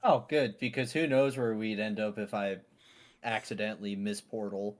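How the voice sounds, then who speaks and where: A man playing in a tabletop game, playful and quick to join in. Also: fairly low pitch, fairly even intonation. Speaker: player. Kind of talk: tabletop role-play chat.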